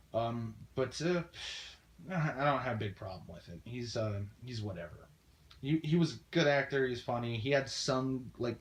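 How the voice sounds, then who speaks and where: A man's voice: on the low side, a little hiss or hum. A man giving a casual, profane film review, ranting bluntly with lots of ums and uhs.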